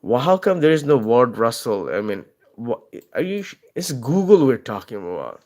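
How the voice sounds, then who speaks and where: A man's voice: medium pitch, very animated, moderate pace, darkish tone. A man talking casually while drawing, rambling from tangent to tangent with plenty of swearing and chuckles. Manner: profane, tangent-hopping, chuckling often. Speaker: artist drawing on video.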